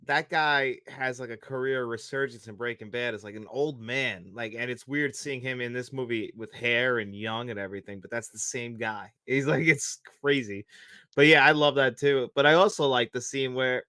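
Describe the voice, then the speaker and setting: A man co-hosting a film podcast, talking in a relaxed way and laughing easily. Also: medium pitch, moderate pace, dry recording, clean studio sound. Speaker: podcast co-host. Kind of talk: casual film chat.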